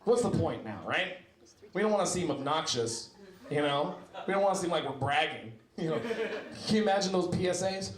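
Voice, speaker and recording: A man with a high, light voice works through a loose, rambling stand-up set. He breaks into sudden shouted bits. The room rings with echo, and a crowd laughs around him. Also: animated, normal speed, background noise. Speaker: stand-up comedian. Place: small comedy club. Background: audience laughter.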